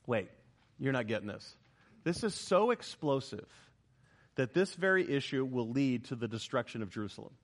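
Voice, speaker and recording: A man preaching a sermon, emphatic and animated, asking the congregation rhetorical questions as he explains a Bible passage. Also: mid-range voice, normal speed. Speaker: pastor.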